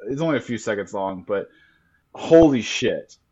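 A man co-hosting a casual podcast chat, talking with animated excitement and frequent swearing. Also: fairly low pitch, moderate pace, slightly rough, muffled recording. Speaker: podcast co-host.

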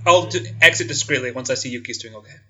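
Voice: medium pitch, fast, pushed and bright, highs cut off. A player in a tabletop role-playing game, talking casually and laughing often.

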